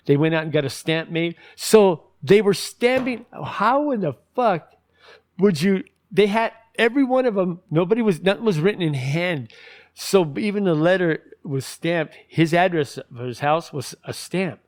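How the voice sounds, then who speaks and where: A man's voice: on the high side, a little mellow. A man ranting in casual commentary, heated and profane, rambling with many restarts.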